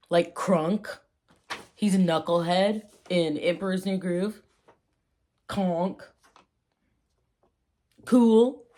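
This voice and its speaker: A playful woman chats through a casual vlog, rambling and cracking jokes as she goes. She takes her time, and her voice sits a little low. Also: a little mellow. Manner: playful, rambling, jokey asides, quick tangents. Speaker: vlogger explaining old slang. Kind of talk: casual chat.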